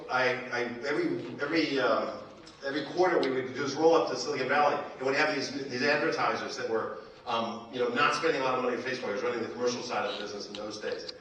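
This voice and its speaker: A man giving a conference keynote, telling a story with animated, acted-out quotes from the stage. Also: medium pitch, slight background noise. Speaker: keynote speaker. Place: large conference hall. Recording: echoey hall, mic from a distance.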